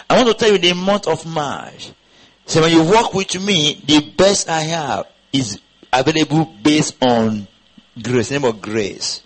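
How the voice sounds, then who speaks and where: A pastor with a voice on the high side preaches to his church congregation at a moderate pace. He fires off rhetorical questions and has the congregation repeat his words back. The audio is poor.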